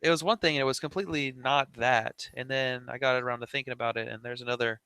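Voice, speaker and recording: A podcast co-host in casual chat, low-key with a dry, teasing manner. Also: fairly even intonation, quick pace, pushed and bright, clean tone, no room sound.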